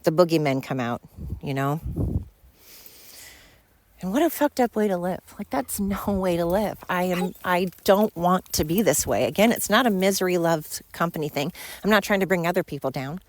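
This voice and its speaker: A middle-aged woman hosts her own podcast and talks off the cuff. Her voice sits a little low for a woman, and the sound is dry, with no room echo. She rambles, speaks frankly, and swears easily as she walks outside with her dogs. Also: animated, normal speed. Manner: rambling, candid and profane. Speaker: podcast host. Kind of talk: casual monologue. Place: outdoors walking with dogs.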